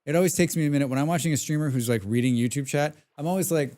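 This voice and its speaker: A streamer with a slightly high, darkish voice talks rapid-fire with barely a pause, giving casual, rambling commentary during a live game. He reads out the chat and hums tunelessly while playing.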